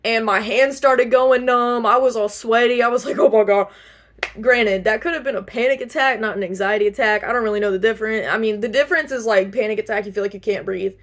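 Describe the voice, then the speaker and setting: A woman's voice: a little high, quick pace, hardly any pauses. A young woman talking casually to camera, chatty and rambling, with many fillers and restarts, laughing now and then. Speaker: vlogger. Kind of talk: casual chat.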